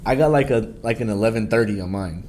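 A young man co-hosting a podcast in casual chat, laid-back and teasing, quick to laugh. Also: on the low side, darkish tone. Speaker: podcast co-host.

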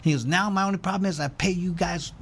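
A man's voice: sits high, fast, fairly bright tone, husky. A former boxer telling a long rambling story as an interview guest, acting out the voices of the people he quotes.

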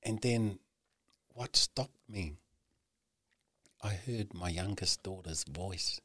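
A man with a very low voice tells his own story in an earnest, unpolished way. He swears freely and keeps circling back with "you know" and false starts. The sound is dry and close, with no room around it. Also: slow pace, pauses often, bright, forceful tone, no echo. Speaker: guest. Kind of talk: candid personal storytelling.

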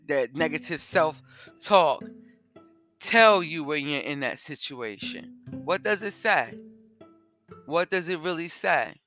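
Slow, bright-voiced man asking reflective questions. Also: on the high side. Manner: slow, repetitive, asks the listener questions. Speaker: podcast host. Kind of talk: reflective self-help talk.

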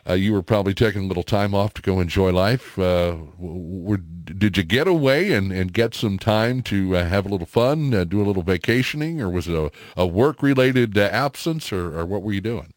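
A man's voice: lowish voice, expressive, moderate pace, no room sound, studio quality. A middle-aged man hosting a morning radio show, chatting casually with lots of fillers. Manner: chatty, folksy, many fillers. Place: radio studio.

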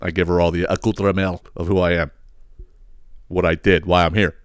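A low-voiced man rattles through a story at a fast clip, swearing freely and circling back on his own words. The sound is close and dry, with no room echo. He talks in a casual, exasperated rant. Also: level tone, clean tone. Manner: profane, exasperated, rambling with repeated words. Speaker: podcast host.

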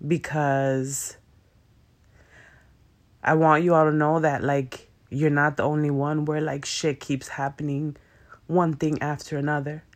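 A man's voice: a little high, flat delivery, measured pace. A young man talking casually to viewers about emotions and spiritual growth, rambling with slang, fillers and swearing. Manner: loose, rambling, conversational with frequent fillers and profanity; speaks in slang with dropped verbs. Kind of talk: casual spiritual self-help talk to viewers.

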